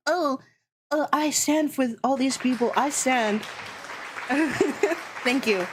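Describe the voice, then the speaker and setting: A woman's voice: sits high, slow pace, long pauses, husky, some chatter behind. A young woman streamer ranting heatedly and sarcastically in casual chat, swearing constantly.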